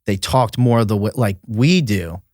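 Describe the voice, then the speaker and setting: A man's voice: on the low side, measured pace, darkish tone, no room sound, studio quality. A young man from Vermont, a comedian guest chatting casually and rambling with lots of fillers. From Vermont, USA. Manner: rambling, filler-heavy, laughs often. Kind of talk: casual podcast chat.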